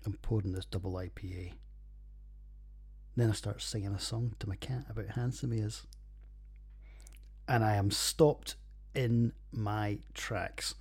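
Husky Scottish man, sweary podcast banter. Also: lowish voice, steady tone, unhurried, pauses often, a little mellow. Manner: sweary, rambling and jokey, with frequent fillers. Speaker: podcast host reviewing beers. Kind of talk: casual solo podcast chat.

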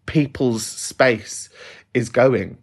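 A man from England hosting a podcast, talking in a relaxed, chatty way and swearing casually. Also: medium pitch, very slow, husky. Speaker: podcast host.

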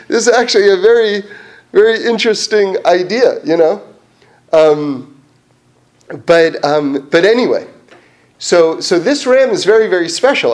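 Casting note: high-pitched man, Torah teacher, loose conversational delivery with lots of "like" and restarts. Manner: animated, chatty, many fillers and restarts. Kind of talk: casual Torah class.

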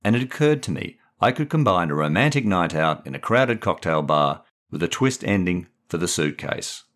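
A man, author and narrator, reading his own short story with measured, clear narration. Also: deep voice, big pitch swings, fairly bright tone.

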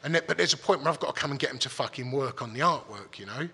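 A man's voice: medium pitch, expressive, rapid-fire, bright, forceful tone, slightly rough, big-room sound. A middle-aged man from England, telling a long story in blunt, sweary, rambling casual talk. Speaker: guest.

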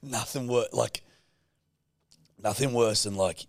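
A man's voice: mid-range voice, slow pace, no room sound, clean studio sound. A man with an Australian accent, co-hosting a podcast in casual banter, swearing freely and cracking puns. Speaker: podcast co-host.

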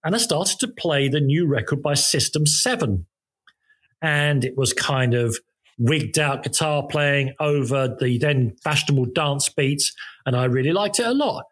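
A man with a slightly raised pitch and a husky edge tells long music anecdotes over a home call. He circles back, stumbles over his starts with "um" and "uh", and keeps the tone casual and chatty. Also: expressive, a little slow. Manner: rambling, self-interrupting, many ums and restarts. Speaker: podcast guest, former music journalist. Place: corner of a room at home. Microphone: home recording, video call.

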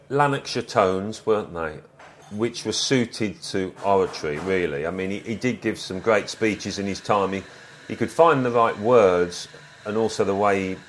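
A man, a former footballer, telling stories from his playing days in a relaxed, reflective interview. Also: low voice. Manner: reflective, anecdotal, quotes others.

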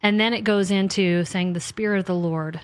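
A woman author and podcast host in casual faith conversation, chatty and animated, acting out her talks with God in little asides. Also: mid-range voice, normal speed.

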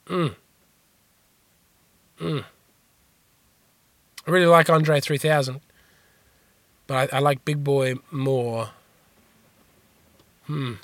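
A man hosting a podcast, answering listener questions in a dry, rambling, deadpan comic monologue. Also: mid-range voice, very slow, pauses often, no echo. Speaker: podcast host.

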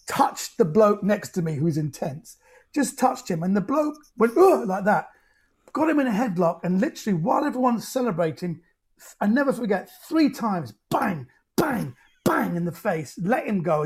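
Husky man telling stories. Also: high-pitched, moderate pace. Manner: animated, stumbling restarts. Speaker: guest. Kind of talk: casual storytelling.

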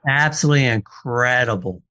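On a casual radio show, a guest who is a watch expert and appraiser tells stories briskly, his pitch sitting mid-range for a man. Animated throughout, he quotes people in dialogue and often restarts.

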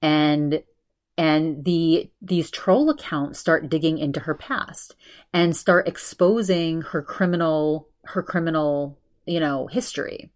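Woman podcast host, slightly low voice, casual chatty review delivery. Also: slow pace, a little mellow. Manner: chatty, many restarts and fillers.

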